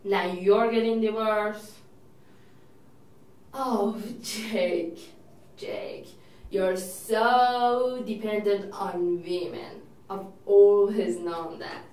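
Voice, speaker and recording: A woman with a mid-range, darkish voice draws out her words with fairly even intonation while auditioning as a neurotic divorced older sister. The character is chatty, self-absorbed and fretful, rambling on. Echoey room, distant mic.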